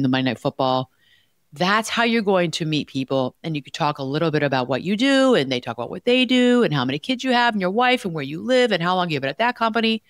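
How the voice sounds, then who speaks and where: A woman with a deep voice co-hosts an advice podcast as a life coach, speaking emphatically and directly and telling stories with animation. The recording is dry, with clean studio sound.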